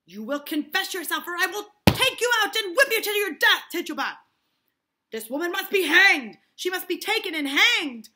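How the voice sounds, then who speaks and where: An angry male minister hurls threats at the accused, as a woman reading a play aloud voices him. His loud voice comes out bright and high. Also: animated, normal speed. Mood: threatening.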